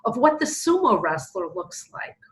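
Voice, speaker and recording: A woman, a spiritual teacher, giving a casual spiritual talk with animated, expressive storytelling. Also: on the high side, normal speed, low-quality recording.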